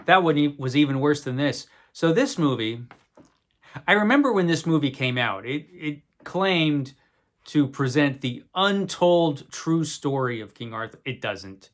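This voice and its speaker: A man talking to camera about old movies in a loose, unscripted way. He wanders, restarts sentences and drops dry, wry asides. His voice sits at an ordinary middle pitch. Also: a bit bright. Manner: rambling, wry, self-correcting. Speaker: video host reviewing movies. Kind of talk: casual unscripted talk to camera.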